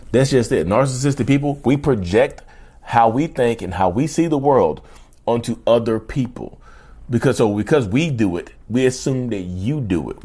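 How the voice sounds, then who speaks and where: A man's voice: mid-range voice, a little mellow. A man hosting his own channel, talking casually and rambling straight to his viewers with asides and restarts. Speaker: YouTube channel host. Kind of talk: casual monologue.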